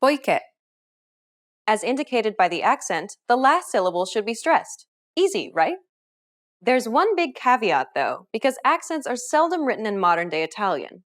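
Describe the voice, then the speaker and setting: Lively, high-voiced woman teaching pronunciation. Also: normal speed. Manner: clear, upbeat explanations with modeled example words. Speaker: language teacher. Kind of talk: scripted pronunciation lesson.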